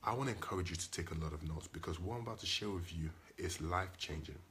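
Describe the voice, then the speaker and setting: Deep-voiced man preaching emphatically. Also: quick pace, fairly bright tone, a little hiss or hum. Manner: emphatic, repetitive preaching with call-and-response questions. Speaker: pastor. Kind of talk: sermon.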